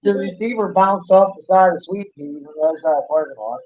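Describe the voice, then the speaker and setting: A man's voice: sits high, quick pace. A man telling rambling, folksy stories in casual chat, often correcting himself as he goes. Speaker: podcast co-host. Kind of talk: casual storytelling. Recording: tinny phone-like sound.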